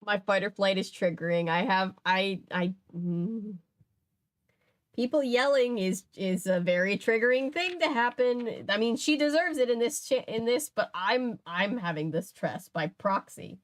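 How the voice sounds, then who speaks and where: A woman's voice: medium pitch, lively intonation, a little slow. A young woman reading a novel aloud, breaking in with sassy, laughing commentary. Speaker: channel host reading a book aloud.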